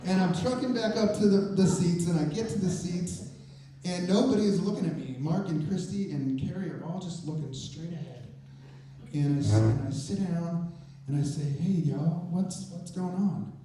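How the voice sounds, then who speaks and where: High-voiced man telling a story on stage. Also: moderate pace, slight background noise. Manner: animated, conversational, builds suspense. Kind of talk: live personal storytelling on stage. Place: stage in a performance venue. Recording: very echoey, voice from a distance.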